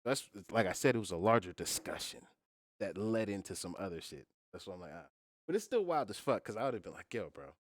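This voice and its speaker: A man's voice: lowish voice, sing-song, fairly quick, no echo. A man hosting a podcast in casual chat, explaining his view at length with plenty of profanity. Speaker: podcast host.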